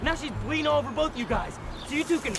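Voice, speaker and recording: A man playing a panicked, foul-mouthed young man who shouts and curses as he flees, in a comedy sketch. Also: animated, quick pace, creaky, background noise, full character voice. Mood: frantic. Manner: shrill, frantic, cursing.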